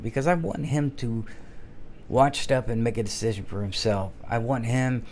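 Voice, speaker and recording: A middle-aged man hosting a casual opinion rant, heated and emphatic, slowing down to stress his words. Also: mid-range voice, a little mellow, slight background noise. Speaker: commentary channel host.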